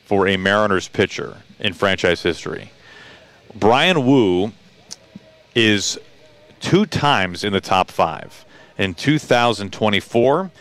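Chatty low-voiced sports radio host. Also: male voice, lively intonation, slow, pauses often, fairly bright tone. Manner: chatty, stat-heavy, playful. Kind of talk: pregame sports talk.

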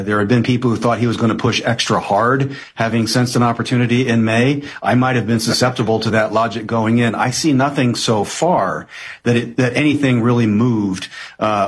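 A man answering interview questions with measured, analytical talk and frequent hesitations. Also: medium pitch, husky. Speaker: guest analyst.

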